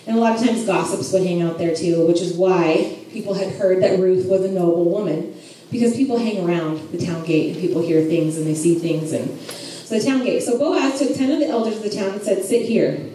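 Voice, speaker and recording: A woman's voice: lowish voice, brisk, hardly any pauses, warm tone. A woman giving a chatty, joking Bible lesson and laughing at herself. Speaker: Bible study teacher. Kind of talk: casual Bible teaching. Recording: echoey room from far off, faint noise.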